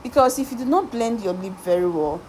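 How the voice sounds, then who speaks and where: A woman's voice: on the high side, expressive, a little fast, darkish tone, a little hiss or hum, poor audio. Emphatic woman makeup artist talking to viewers. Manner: emphatic, repeats words and asks viewers rhetorical questions; talks directly to viewers, coaxing and reassuring. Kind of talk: makeup tutorial voice-over.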